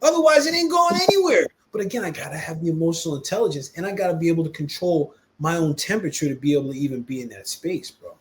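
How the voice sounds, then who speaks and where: Man, podcast host, mid-high voice, emphatic and animated, slips into quoted voices. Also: very fast, few pauses, a little hiss or hum. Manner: animated, emphatic, calls listener "bro"; acts out quoted dialogue in shifting voices. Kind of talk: casual podcast conversation.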